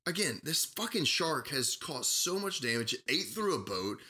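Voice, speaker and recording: A man's voice: a little high, sing-song, normal speed, bright, forceful tone. A man co-hosting a casual movie podcast, ranting in exasperation and swearing freely. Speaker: podcast co-host.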